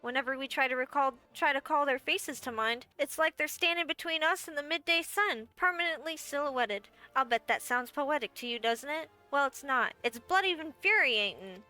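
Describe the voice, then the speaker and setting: A woman's voice: sits high, expressive, moderate pace, hardly any pauses, pushed and bright, soft background music. A woman voicing a brassy, folksy little guildmaster and innkeeper in a game, with a wry storytelling manner. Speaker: game character. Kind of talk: game voice acting.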